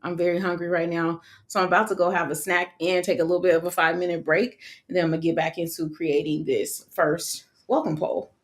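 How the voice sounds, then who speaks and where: A woman's voice: lowish voice, flat delivery, fairly quick, few pauses. A young woman from California, an online course creator, talking casually on a live stream, chatty and slangy, laughing often.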